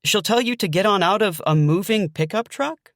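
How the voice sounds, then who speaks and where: Give me a man playing a quick-witted teenage girl, raised pitch, lively incredulous questions, for an audiobook. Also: no room sound, studio quality. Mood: teasing. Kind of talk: audiobook narration.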